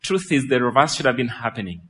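A man preaching a sermon as pastor, lively and full of questions to the congregation, while his voice is wearing out. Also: medium pitch, fast talker. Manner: lively, asks the crowd questions, laughs. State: losing his voice.

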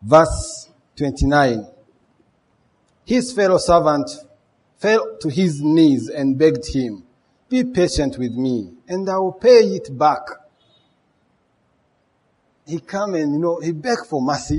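A man's voice: on the high side, animated, slow, pauses often, a little mellow, slightly rough. A man preaching a sermon, emphatic, with rhetorical questions and repeated key words.

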